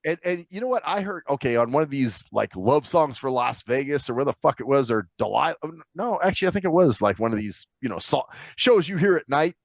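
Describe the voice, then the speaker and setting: A man's voice: mid-range voice, quick pace, gravelly, hardly any pauses, no echo. A man co-hosting a podcast, telling stories in loose casual chat, swearing freely and laughing often. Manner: swears freely, animated storytelling, frequent laughs. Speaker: podcast co-host.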